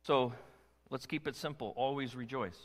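A man preaching a sermon as pastor, animated and emphatic, with many rhetorical questions to his church. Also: medium pitch, normal speed. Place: church sanctuary. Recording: long hall reverb.

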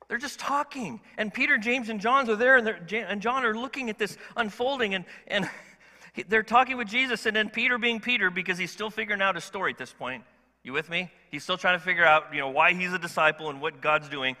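High, sharp-voiced male pastor preaching. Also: a little fast, big-room sound. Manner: animated, conversational, asks the congregation questions. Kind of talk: sermon. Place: church sanctuary.

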